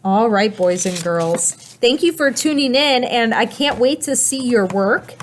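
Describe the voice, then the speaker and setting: A woman teaching a recorded writing lesson to young children, talking slowly and in an animated, sing-song way, with questions to the class. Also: on the high side, a little hiss or hum. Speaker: kindergarten teacher.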